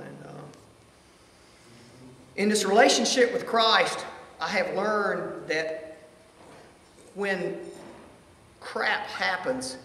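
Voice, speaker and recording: A middle-aged man gives a heartfelt testimony at a church recovery meeting. His voice sits high and bright, and he talks haltingly, circling back to repeat key phrases. The sound carries the long echo of a hall with a faint hum of ambience behind it. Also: lively intonation, creaky. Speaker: recovery ministry speaker. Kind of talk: personal testimony.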